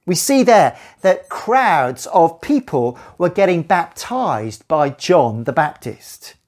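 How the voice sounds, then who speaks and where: A woman leads a children's Bible talk, her voice rising and falling in wide, lively swings. She takes her time and speaks slowly and deliberately. Her delivery is animated and expressive, always aimed at the children. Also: low voice. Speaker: children's talk leader at church.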